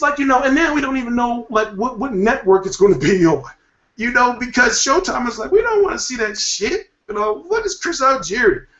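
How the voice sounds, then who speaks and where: A man hosting a boxing talk show, giving a rambling, profane, animated rant in casual commentary. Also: sits high. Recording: echoey room, dull lo-fi sound.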